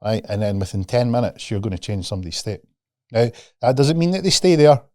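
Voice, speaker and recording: Animated man, dry close sound. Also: medium pitch, no echo. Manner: animated, swears freely, acts out quoted voices. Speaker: podcast guest, mindset coach. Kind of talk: casual podcast conversation.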